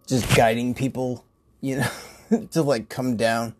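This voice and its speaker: A man's voice: mid-range voice, little pitch movement, a little slow, noisy background. A man who works in a grocery store, telling casual stories in a rambling way, swearing and laughing often. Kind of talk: casual storytelling.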